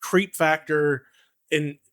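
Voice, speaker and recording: A man co-hosting a podcast, recapping a TV episode in animated casual chat, laughing often and swearing. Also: a little high, takes it slowly. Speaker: podcast co-host.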